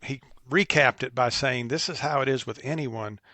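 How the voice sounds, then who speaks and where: A man speaking as a guest in a conversation, earnest and measured. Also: mid-range voice, bright, forceful tone, no echo. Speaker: guest, business owner. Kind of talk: casual conversation.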